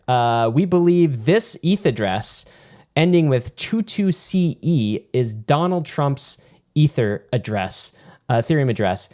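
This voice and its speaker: A man co-hosting a podcast in a relaxed, conversational voice. He sits at a middling pitch and qualifies his opinions as he goes. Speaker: podcast co-host. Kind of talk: casual chat.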